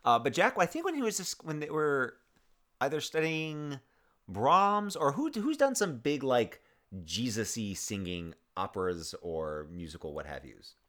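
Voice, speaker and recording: Thirties man, podcast co-host, halting and rambling, with a lively, swooping delivery. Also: medium pitch. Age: 30s. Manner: rambling, halting with many restarts and fillers. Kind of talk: casual chat.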